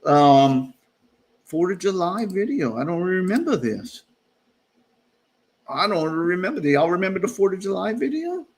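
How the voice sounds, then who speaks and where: Lively high-voiced man rambling as host. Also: moderate pace, pauses often. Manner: rambling, full of fillers and restarts; laughs often at himself. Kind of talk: casual live-stream chat. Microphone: video call.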